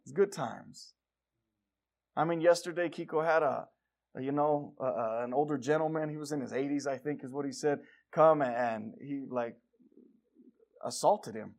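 A middle-aged man preaching a sermon in a church, emphatic and exhorting, with lively stories and asides. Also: on the high side, moderate pace, gravelly. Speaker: pastor. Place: church sanctuary.

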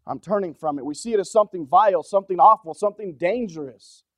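A man preaching a sermon in an earnest, conversational way, often asking the congregation questions and shifting between soft, low-key passages and urgent emphasis. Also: quick pace, dry recording, clean studio sound. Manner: drops to a soft, low-key delivery for stretches, then rises with urgency.

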